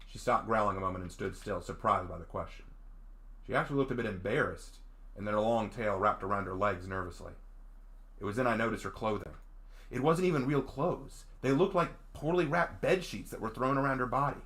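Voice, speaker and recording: A man's voice: fairly low pitch, brisk, fairly bright tone. A man hosting a let's play, reading his story's first-person narration and breaking in with enthusiastic asides. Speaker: game host and writer.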